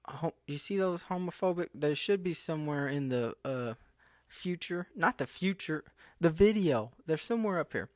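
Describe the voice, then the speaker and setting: In this screen-recorded clip, a young man from the American South talks to camera in a loose, meandering way, interrupting himself as disbelief creeps in. His voice sits in the mid range, and the audio is studio quality with no room sound.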